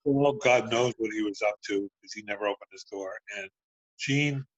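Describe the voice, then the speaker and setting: A man in his sixties with a husky voice recounts old tour stories in casual, profane chat. He mimics the people he talks about as he goes. The sound is dry and a little muffled. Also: on the low side, moderate pace, no room sound. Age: 60s. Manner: profane, animated anecdotes with acted-out dialogue. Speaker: guest, former band road manager. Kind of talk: casual storytelling.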